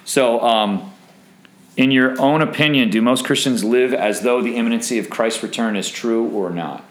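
A man's voice: medium pitch, normal speed. A man leading a Bible study for young singles, talking conversationally, quizzing the group and joking. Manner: conversational, asks the group questions and jokes. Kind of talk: interactive Bible teaching. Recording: roomy echo.

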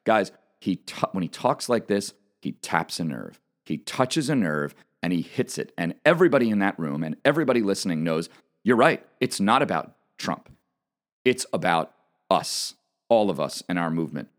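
An emphatic man delivers a political commentary monologue with a lively, swinging pitch. He repeats himself for emphasis and talks straight to his listeners. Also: normal speed. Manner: emphatic, repetitive, addresses audience directly.

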